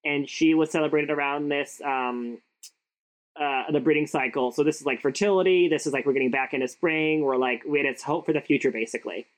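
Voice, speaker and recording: A woman's voice: sits low, fairly quick, rough recording. A young woman cohosting a podcast in casual chat, giggly and sarcastic, with lots of "like".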